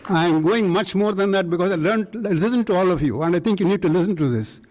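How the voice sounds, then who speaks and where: A man's voice: sits high, fast, darkish tone, poor audio. An older man from India recounting his career to a live audience, telling an emphatic story and acting out the dialogue. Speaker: invited speaker recounting career. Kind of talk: live lecture anecdote. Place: lecture hall.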